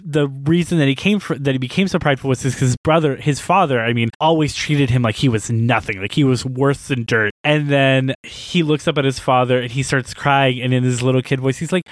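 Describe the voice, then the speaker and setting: Man, casual brainstorming, rambling and animated, dry close sound, mid-range voice. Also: mid-range voice, a little fast, hardly any pauses, dry recording. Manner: animated, rambling, thinks out loud. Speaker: writer brainstorming a story.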